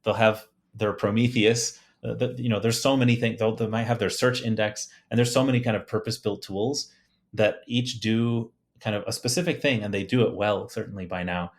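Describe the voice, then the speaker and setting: A man's voice: on the low side, fairly even intonation, fairly quick. A man, a guest engineer on a podcast, talking about his work with enthusiasm and frequent restarts. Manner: enthusiastic, fillers and restarts, light laughs. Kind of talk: casual technical chat.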